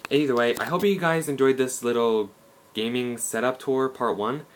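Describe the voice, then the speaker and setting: A man's voice: mid-range voice, normal speed, slight background noise. Young male gaming vlogger, rambling and self-correcting, casual room tour on a handheld camera. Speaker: gaming YouTuber. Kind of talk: casual setup tour vlog. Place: bedroom game room, indoors. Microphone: handheld camera, no tripod.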